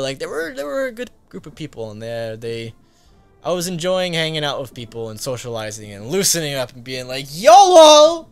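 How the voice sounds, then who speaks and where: Rambling man telling a casual story. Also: medium pitch. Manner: rambling, filler-heavy, frequent laughs. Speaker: gaming YouTuber. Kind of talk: casual story-time vlog.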